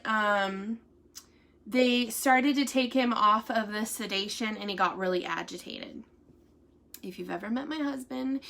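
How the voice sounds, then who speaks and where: A woman's voice: a little high, pushed and bright. A woman vlogging to her viewers in a casual, rambling way, with many fillers and restarts. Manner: laughs while telling a story. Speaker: vlogger giving family updates.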